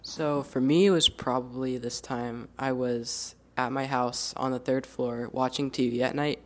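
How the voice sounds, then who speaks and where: A teenage boy on a youth radio team telling a story in an unhurried way with many fillers. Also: mid-range voice, steady tone. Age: teens. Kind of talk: casual storytelling.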